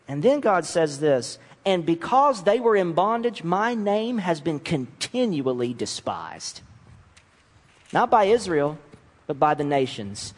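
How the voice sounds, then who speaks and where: Man preaching a lively sermon in a reverberant hall. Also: a little high, slow pace. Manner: animated, acts out voices of mocking nations and God.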